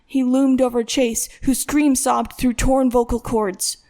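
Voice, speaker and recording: A woman's voice: sits high, little pitch movement, unhurried, warm tone. Woman reading a dramatic audiobook. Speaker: audiobook narrator. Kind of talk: scripted audiobook narration.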